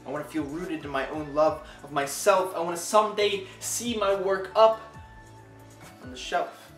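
A man performs spoken word poetry intensely, swinging between loud outbursts and quiet, low lines. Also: moderate pace, soft background music. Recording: echoey room.

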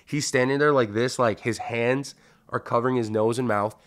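A man hosting a podcast, telling a long story in a casual, profane, animated way and acting out what people said. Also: mid-range voice, moderate pace. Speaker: podcast host.

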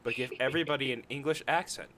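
A man's voice: medium pitch, quick pace, a bit bright. A man co-hosting a casual gaming podcast, chatty and joking. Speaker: podcast co-host.

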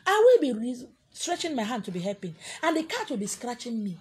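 A woman with a Nigerian accent voicing a calm, patient young man in a story. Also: a little high, fairly quick, husky, full character voice. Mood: steady.

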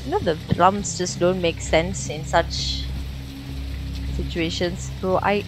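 A woman's voice: lowish voice, steady tone, takes it slowly, over music, poor audio. A young woman, swearing and nervously chatting through a horror game. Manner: jumpy, swearing, slangy banter. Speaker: gamer.

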